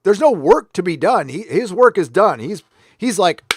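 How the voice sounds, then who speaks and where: A ranting American man hosts a casual commentary livestream, blunt and quick to swear. His voice sits a touch higher than most men's. The sound is dry and close, with no room echo. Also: sing-song, breathy edge. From United States. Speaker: livestream host. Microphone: headphones on while talking into a desk mic.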